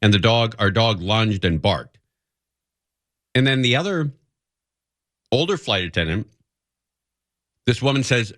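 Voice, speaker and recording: A man's voice: lowish voice, animated, unhurried, pauses often, fairly bright tone, dry recording. A man hosting a radio talk show, telling rambling, self-mocking stories in casual chat from a studio microphone.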